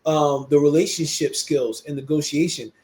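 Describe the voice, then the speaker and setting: A man's voice: a little high, normal speed. A man hosting a casual podcast conversation, talking animatedly and emphatically and acting out quoted dialogue in shifting voices. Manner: animated, emphatic, calls listener "bro". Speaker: podcast host.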